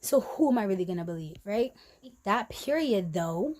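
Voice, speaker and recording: Animated, chatty young woman. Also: medium pitch, normal speed. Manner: animated, chatty, slangy, acting out quoted friends. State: a bit out of breath. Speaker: vlogger. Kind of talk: casual storytime vlog.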